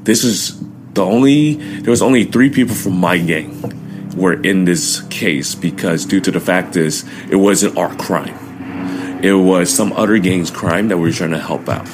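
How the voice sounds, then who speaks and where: A man in his twenties tells his own story as a guest in an interview. His voice sits very low. He is animated and acts out what others said to him. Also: a little slow, noisy background. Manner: animated storytelling, acting out quotes loudly.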